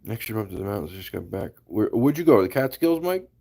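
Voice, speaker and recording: Casting note: man, lowish voice, casual chatty livestream host who laughs easily. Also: big pitch swings, a little fast, vocal fry, dark tone. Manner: chatty, laughs often, greets viewers by name. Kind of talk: casual live-stream chat.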